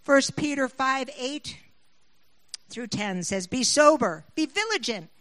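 This middle-aged woman's sermon is slow and expressive, her high voice fairly bright in tone. She moves from scripture to personal stories and grows emphatic when urging her listeners, heard in a rough, echo-free recording.

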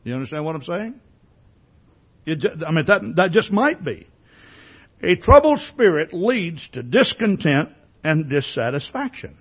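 A man's voice: a little high, very animated, a little slow, pauses often, slightly rough, lo-fi sound. A man preaching a sermon in a conversational way, asking many rhetorical questions and often repeating words as he starts a sentence. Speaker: pastor.

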